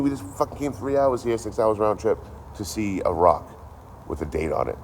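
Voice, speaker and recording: A man telling a profane story in a casual, animated rant, often repeating himself. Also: lowish voice, normal speed, slight background noise. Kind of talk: casual ranting monologue.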